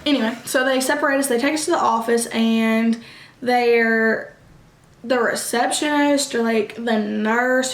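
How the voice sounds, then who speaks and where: A young woman, telling a casual storytime vlog, animated and quick, acting out what others said. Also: fairly high pitch, faint music behind. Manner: animated, quick bursts, acts out quoted voices. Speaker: vlogger. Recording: echoey room.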